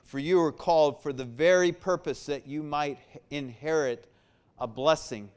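A man's voice: on the high side, normal speed, clear, resonant tone. A man preaching a sermon to his church, repeating words for emphasis and building in force. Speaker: pastor.

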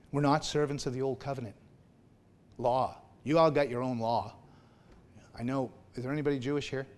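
A man's voice: medium pitch, normal speed, long pauses. Man, minister, conversational sermon, mid-range voice, asks the congregation questions. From Anglican family background.

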